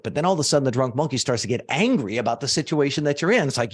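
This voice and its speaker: A man's voice: mid-range voice, expressive, very fast, hardly any pauses, husky. A man teaching a motivational lesson in a conversational, emphatic way, with casual swearing.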